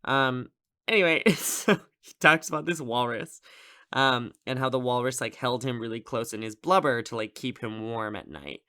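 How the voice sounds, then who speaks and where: A man's voice: mid-range voice, expressive, normal speed, bright, forceful tone. A man co-hosting a podcast, recapping a film in a casual, rambling way full of "like" and "um" fillers. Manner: rambling, heavy use of "like" and "um" fillers. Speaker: podcast co-host reviewing a film.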